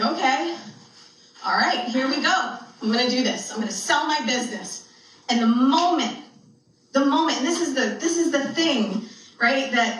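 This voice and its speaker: A woman's voice: sits high, a little hiss or hum. Chatty laughing woman in an echoey room. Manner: chatty, laughs often, lively asides. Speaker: spiritual speaker. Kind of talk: comedic spiritual storytelling. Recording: very echoey room, distant mic.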